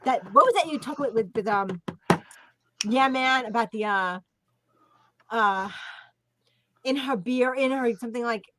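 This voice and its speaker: A woman's voice: on the high side, measured pace, long pauses, background noise. A woman hosting a casual online panel, chatty and giggly. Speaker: host. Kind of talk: casual livestream chat.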